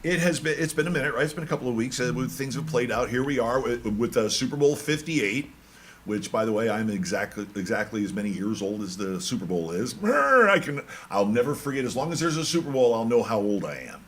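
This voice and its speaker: A man's voice: medium pitch, fast. A man hosting a casual sports talk show, joking around and rambling with lots of restarts. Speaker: podcast host.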